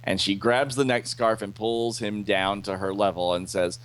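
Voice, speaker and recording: A man's voice: on the low side, level tone, normal speed, few pauses, clear, resonant tone. A man casually recapping a comic book to a co-host, hesitant with fillers. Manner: hesitant, many fillers, self-deprecating. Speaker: podcast co-host reading a comic aloud. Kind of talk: casual chat, reading comic dialogue aloud.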